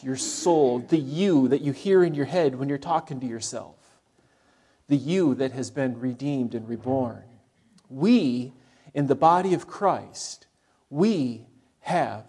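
A middle-aged man preaching a sermon as pastor. He speaks conversationally and drops to soft, low tones for emphasis.

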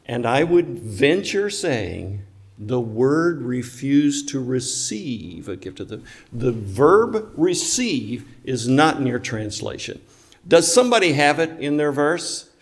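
A male preacher delivers a sermon in a church. He speaks with emphasis, tosses rhetorical questions at the congregation and trades remarks with listeners in the pews. His pitch sits in a middle range. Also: expressive, slow pace.

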